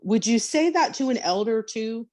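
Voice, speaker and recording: A woman's voice: fairly high pitch, lively intonation, normal speed, darkish tone. A woman student asking her teacher a question in class, hesitant and searching for words.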